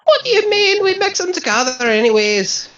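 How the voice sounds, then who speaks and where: A woman's voice: on the low side, big pitch swings, normal speed, fairly bright tone, voice pushed up. Woman voicing a chatty motherly tavern keeper. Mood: chatty, exasperated. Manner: chatty, grumbling about inspectors. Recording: slightly dull lo-fi mic.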